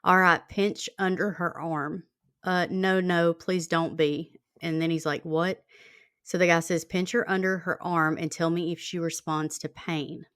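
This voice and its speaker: A woman hosting a true-crime podcast reads a call transcript aloud in a plain, conversational way, full of fillers. Her voice is fairly low and a bit bright, with fairly even intonation and a moderate pace. The studio recording is clean, with no room sound.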